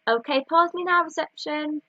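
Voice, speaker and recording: A woman with a Northern English accent, teaching a slow, clear maths lesson to young children with counting chants. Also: high-pitched, bright, forceful tone, dry recording, muffled recording. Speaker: reception class teacher.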